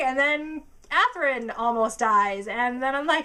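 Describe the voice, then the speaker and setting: Young female vlogger, excitable and fangirly, bright tone, casual to-camera chat. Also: high-pitched, normal speed, few pauses. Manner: excitable, gushing, squeals and filler words.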